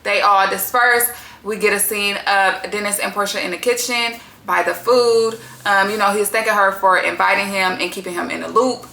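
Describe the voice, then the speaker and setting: A woman's voice: medium pitch, fairly even intonation, normal speed, vocal fry, pushed and bright, roomy sound. A woman hosting a casual reality-TV recap, talking bluntly with lots of profanity and strong opinions. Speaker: TV recap host.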